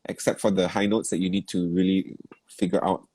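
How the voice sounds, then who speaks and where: A man's voice: low-pitched, little pitch movement, a little fast, background noise. A man giving feedback as a vocal coach in an online masterclass, asking probing questions and encouraging with easy laughs. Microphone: video call.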